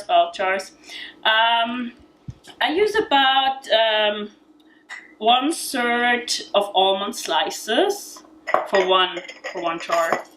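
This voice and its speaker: Slow-talking Austrian woman, bright voice. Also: fairly high pitch, slight background noise, low-quality recording. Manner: chatty, laughs often, many fillers. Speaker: home cook demonstrating a recipe. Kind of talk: casual cooking demonstration.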